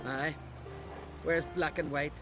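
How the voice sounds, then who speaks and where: A man's voice: on the high side, steady tone, takes it slowly. A man voicing a rude, mocking sailor in a video game, with coarse, scornful talk over music. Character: gruff male island sailor, rude and mocking.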